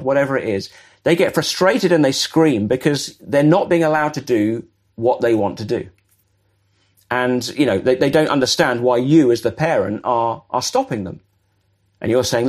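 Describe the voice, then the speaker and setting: A man preaches a sermon in a relaxed, conversational way, slipping into little acted-out exchanges to make his points. His voice is mid-pitched with a husky, slightly breathy edge. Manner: conversational, animated, acts out dialogue.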